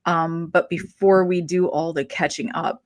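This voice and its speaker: A woman's voice: lowish voice, fairly even intonation, measured pace. A woman co-hosting a live stream, chatting casually and greeting viewers by name in a bubbly way. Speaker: co-host.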